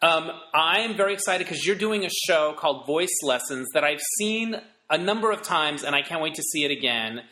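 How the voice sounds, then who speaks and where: A woman hosts a casual interview in a breezy way, often chiming in to agree. Her voice is low but bright and forward. The room has a noticeable echo. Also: lively intonation, normal speed, few pauses. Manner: breezy, frequent affirmations. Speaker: host.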